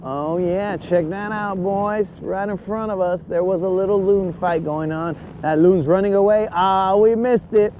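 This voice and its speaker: A man's voice: sits high, measured pace, hardly any pauses, muffled recording, a little hiss or hum. Slangy joking man on a fishing boat. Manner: joking, slangy, calls viewers bros. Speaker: fishing livestream host. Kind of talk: casual live commentary while fishing. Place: outdoors on a boat on a lake.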